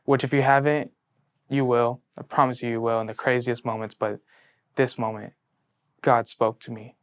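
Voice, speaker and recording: Recent high school grad, male, medium-pitched clear voice, telling his own story with earnest ups and downs. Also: moderate pace. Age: late teens. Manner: earnest storytelling, heavy use of "like", shifting between hushed and excited. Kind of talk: personal testimony in a sit-down interview.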